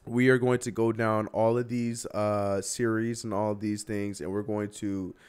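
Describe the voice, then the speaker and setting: Young male stream host, lower voice, fired-up rants that swing between loud and muttered asides, casual sports-talk delivery. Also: moderate pace, smooth. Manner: animated, exasperated, laughs often. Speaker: podcast host.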